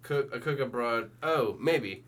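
Jokey animated podcast guy. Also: mid-range voice, a little slow. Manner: animated, jokey, trails off mid-sentence. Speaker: podcast co-host. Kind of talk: casual banter.

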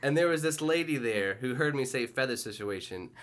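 A young man telling a story in casual podcast chat, animated, acting out the people in it. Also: brisk. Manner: animated storyteller, mimics people in high voices. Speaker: podcast co-host.

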